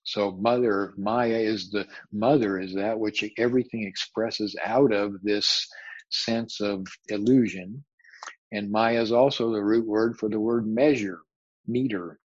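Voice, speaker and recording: A man with a fairly low, husky voice gives a spiritual lecture as a teacher, keeping a steady tone and a measured pace. He sounds reflective and searches for his words, often repeating phrases. There's no room sound, but the recording is dull and slightly muffled.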